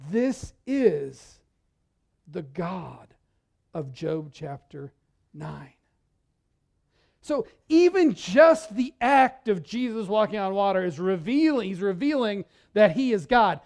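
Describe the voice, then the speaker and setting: A male pastor preaching a sermon in a church, talking in a conversational, animated way and often repeating words as he goes. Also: high voice, slow pace, gravelly.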